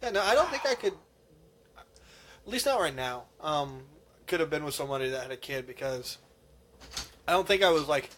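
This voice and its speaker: A man's voice: fairly high pitch, lively intonation, normal speed, pauses often, a bit bright. A man co-hosting a podcast, rambling through a personal story in casual chat and laughing easily at himself. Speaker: podcast co-host.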